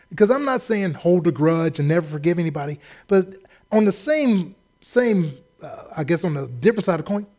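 A man preaching a sermon in a folksy, animated way, acting out the people in his story. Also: sits high. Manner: folksy, animated, acts out quotes. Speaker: pastor.

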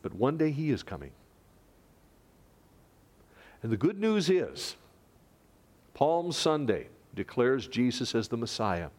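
A man preaching a sermon as a pastor, lively, rising loud for quoted lines and dropping to hushed tones. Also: mid-range voice, measured pace.

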